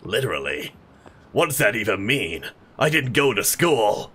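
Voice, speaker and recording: A man voicing a gruff, terse young male yakuza fighter who speaks curtly and lower than usual. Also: unhurried, exaggerated voice. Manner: curt, flat.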